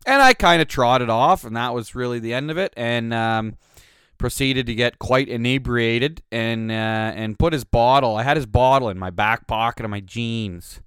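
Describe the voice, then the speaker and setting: A man's voice: mid-range voice, steady tone, moderate pace, smooth, no echo, clean studio sound. A man hosting his own podcast, telling a rambling, profane, self-mocking story in a casual way. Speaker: podcast host.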